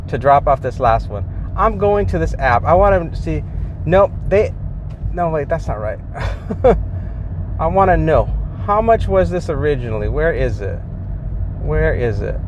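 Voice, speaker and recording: A man vlogging from inside his car while driving deliveries, rambling and exasperated, often restarting his sentences. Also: fairly high pitch. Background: faint car and road noise.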